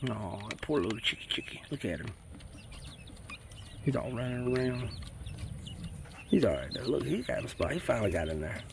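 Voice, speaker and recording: A man's voice: mid-range voice, big pitch swings, normal speed, vocal fry, pauses often, noisy background. A man hosting a homesteading channel, chatting casually and folksily outdoors on a farm near his chickens. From South Carolina. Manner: folksy and chatty, says y'all a lot. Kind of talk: casual rambling chat.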